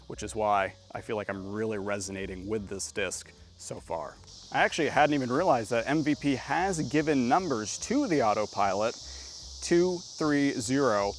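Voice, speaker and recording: This man chats through each of his own disc golf throws on an outdoor course, sounding casual and turning excitable after strong shots. His pitch is medium, and there's a little background noise.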